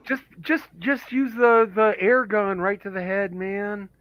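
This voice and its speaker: A man's voice: high-pitched, slow, creaky, fairly bright tone, no echo, highs cut off. A man hosting a casual podcast chat, reading out viewer comments, laughing often and restarting his sentences.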